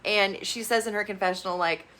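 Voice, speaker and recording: Bright-voiced blunt woman recapping reality TV. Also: medium pitch, a little fast. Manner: blunt, opinionated, swears freely; chatty, gossipy storytelling with bursts of excitement. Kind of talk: casual episode recap.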